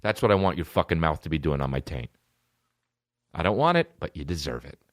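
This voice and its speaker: A man hosting a podcast, ranting in a profane, mocking, animated comic way into a close mic. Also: a bass voice, a little fast, dry recording. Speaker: podcast host. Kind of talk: solo comedic rant.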